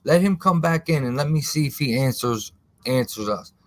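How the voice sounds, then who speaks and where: A man's voice: medium pitch, expressive, moderate pace, no room sound. A man hosting a live stream in casual, slangy talk, rambling and answering viewers in the chat by name.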